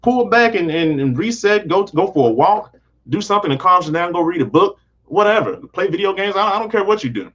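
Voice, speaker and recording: A man's voice: high-pitched, very animated, fairly quick, fairly bright tone. A man with a slightly raised voice, talking earnestly in a casual livestream commentary. He rambles and restarts his sentences often. The audio is dull and lo-fi. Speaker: channel host.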